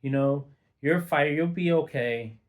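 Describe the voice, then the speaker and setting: A man voicing a woman nurse who coaxes and falsely reassures in a raised, bright tone. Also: normal speed, close to an everyday voice. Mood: falsely soothing. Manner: higher, brighter, coaxing tone. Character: adult female nurse, breezy and falsely reassuring.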